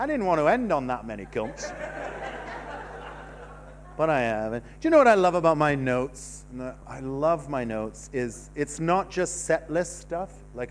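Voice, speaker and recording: A man's voice: a little high, a little hiss or hum. Older man rambling through a stand-up set. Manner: rambling, self-mocking, sudden loud outbursts. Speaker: stand-up comedian. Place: stage of a cinema theatre, live audience.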